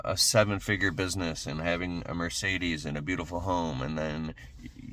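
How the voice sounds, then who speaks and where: A man's voice: very deep voice, fairly bright tone, slight background noise. A man giving an emphatic motivational monologue, blunt and casual, swearing now and then. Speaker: motivational speaker.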